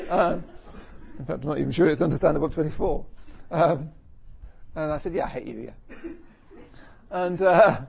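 A man's voice: fairly high pitch, darkish tone. A middle-aged man giving a reflective personal talk to an audience, musing and self-deprecating. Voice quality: gravelly, husky.

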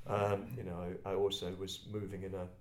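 An older English man from Kent telling personal stories to a group in a reflective, halting, self-deprecating way. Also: deep voice, level tone. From England, Kent. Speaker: speaker addressing a group. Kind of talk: personal storytelling talk. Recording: roomy echo.

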